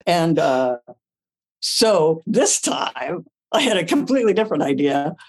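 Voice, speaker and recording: Animated woman telling stories, lively pitch. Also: measured pace. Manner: lively, acts out her own past lines, swears casually. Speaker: actress and podcast guest. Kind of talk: animated storytelling.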